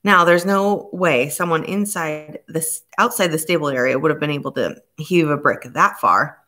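A woman reading the part of a stern male police inspector who speaks slowly and grimly. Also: low voice, sharp tone. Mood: probing. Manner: slow, measured and grim.

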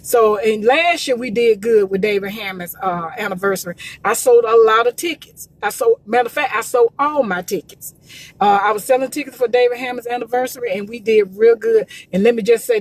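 A woman, from Georgia, speaks live into her phone from the roadside. Her voice sits a little high and husky. She talks in an emphatic, preachy way and repeats herself often. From Columbus, Georgia. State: emotional, near tears. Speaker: gospel promoter. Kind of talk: live social media talk. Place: in a car by the road.

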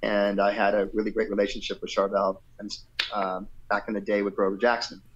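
The recording is muffled, and the rock vocalist guest talks fairly quickly in a lowish male voice. Chatting casually in an interview, he wanders through a long story, playfully performing others' quotes in shifting voices. His manner is animated but relaxed, loaded with fillers and "you know."

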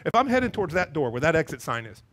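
A male pastor giving a sermon in a church, animated as he acts out scenes with voices and sound effects. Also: on the high side, very fast. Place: church sanctuary with a congregation.

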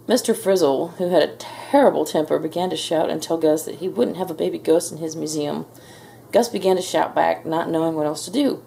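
A woman reads a children's storybook aloud in a low, dark, gravelly voice. Her pace is slow and expressive, with a faint hiss behind her. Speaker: storybook reader. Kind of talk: reading a children's book aloud.

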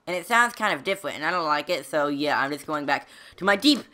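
Woman rambling through a game she's playing, kinda low but really bouncy voice, squeals a lot. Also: animated, moderate pace, hardly any pauses, bright, forceful tone. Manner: chatty, rambling, talks to herself while playing; sudden squeals and yelps. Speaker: gaming channel host. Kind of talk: Minecraft let's play commentary.

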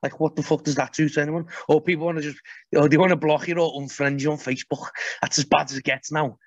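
A man's voice: a little high, little pitch movement, quick pace, no room sound. A man, a podcast guest telling stories in casual chat, blunt and sweary. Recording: dull, muffled podcast audio.

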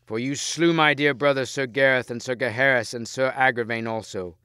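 A man's voice: medium pitch, steady tone, normal speed, sharp tone, clear, resonant tone, no echo, clean studio sound, lightly acted. A man doing a bitter, vengeful knight. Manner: vehement, formal old speech.

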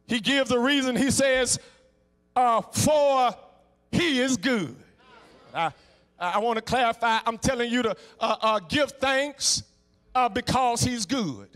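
A middle-aged man with a Southern US accent preaching in a Black church, emphatic, stammering repeats, a sing-song cadence that swings from hushed to shouting. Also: extremely high pitch, big-room sound. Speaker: guest preacher. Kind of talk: Black church sermon with call and response. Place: church sanctuary.

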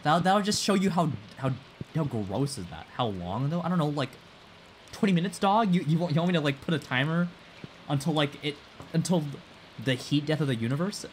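Rambling young male streamer, lively pitch. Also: fairly quick. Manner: rambling, restarts often, swears, reads chat aloud. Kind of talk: casual live-stream chat. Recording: steady background noise.

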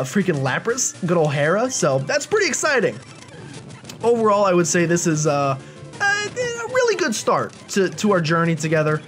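A man hosting a let's play, giving casual gameplay commentary in a chatty, jokey, rambling way. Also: fairly high pitch.

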